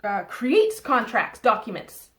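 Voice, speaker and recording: A woman's voice: on the high side, very animated, takes it slowly, a bit bright. A woman with a Boston accent giving a chatty, rambling tarot reading to camera, often checking in with "okay?". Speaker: tarot reader.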